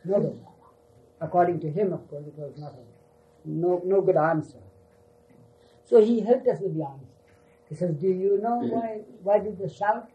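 An older man recalling his time with his teacher for a small gathering, unhurried and often adding "you see". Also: high voice, muffled recording. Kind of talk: reminiscing talk to a gathering.

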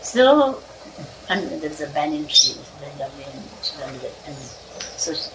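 A woman recalls her childhood in a loose, meandering way, laughing between lines, and her voice rises and falls a great deal. She sits some way from the mic, and a clear background hiss runs under her words. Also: deep voice, sing-song, moderate pace, far from the mic. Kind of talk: casual spoken reminiscence.

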